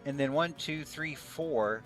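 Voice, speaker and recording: A man running a tabletop role-playing game as game master, describing scenes and working out dice results in a plain, steady way. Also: on the high side, slow pace, faint music behind.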